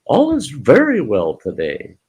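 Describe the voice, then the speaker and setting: A man's voice: mid-range voice, huge pitch swings, unhurried, darkish tone, husky. A man hosting a holiday live stream in a casual, folksy way, greeting viewers by name and often repeating himself. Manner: folksy and repetitive, calls listeners folks.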